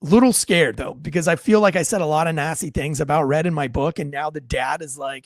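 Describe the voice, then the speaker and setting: Man, high voice, blunt, profane, ranting, dry close sound. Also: expressive, moderate pace, no echo. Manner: blunt, profane, wisecracking, reads chat aloud. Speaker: livestream show host and military veteran. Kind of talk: unscripted ranting commentary.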